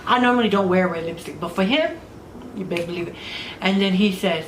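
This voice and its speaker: Crude, animated woman telling stories. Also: lowish voice, brisk. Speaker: podcast host. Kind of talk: candid casual storytelling. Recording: roomy room with faint noise.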